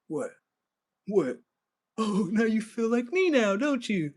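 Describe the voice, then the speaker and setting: A man ranting on a live stream in a slangy, swearing, animated way. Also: sits high, takes it slowly. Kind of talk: profane live-stream rant.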